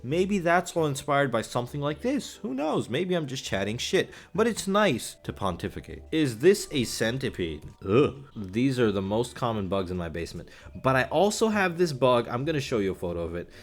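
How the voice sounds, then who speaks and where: A young man giving casual, joking reaction commentary as a YouTuber, animated and full of swearing. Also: medium pitch, moderate pace, hardly any pauses.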